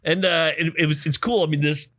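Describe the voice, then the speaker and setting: A man's voice: fairly high pitch, quick pace, fairly bright tone. A man co-hosting a casual podcast, telling stories loosely with many fillers. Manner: rambling storytelling with fillers. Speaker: podcast co-host. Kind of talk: casual chat.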